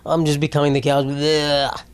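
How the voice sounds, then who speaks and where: A young man hosts a solo podcast, talking fast in a fairly high, clear, resonant voice. He rambles casually, swearing heavily and cracking jokes.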